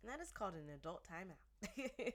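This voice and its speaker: A woman co-hosting a casual podcast on relationships, chatty and quick to laugh. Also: mid-range voice, sing-song. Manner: chatty, laughs often, fillers like "um" and "like". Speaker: podcast co-host. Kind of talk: casual relationship advice chat.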